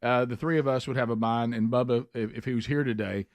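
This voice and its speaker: A man's voice: mid-range voice, steady tone, quick pace, no echo. A man hosting a talk radio show, chatting casually and teasing his co-hosts between frequent "uh"s. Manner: hesitant, full of "uh", drifting into teasing. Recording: dry close studio mic.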